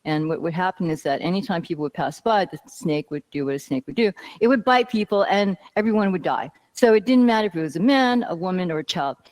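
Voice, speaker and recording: A woman's voice: lowish voice, animated, quick pace, hardly any pauses, a little mellow. A woman teaching a yoga class, talking casually and telling a story with asides.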